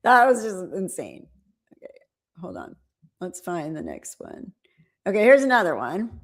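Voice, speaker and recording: A woman's voice: on the low side, huge pitch swings, unhurried. Chatty woman reacting on a live stream. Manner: chatty, amused asides. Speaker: host, former flight attendant.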